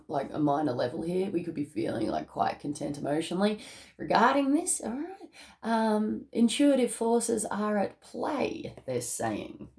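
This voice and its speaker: Brief: Australian woman tarot reader, chatty, giggly, slightly low pitch. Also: gravelly, a little mellow. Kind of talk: casual spiritual reading.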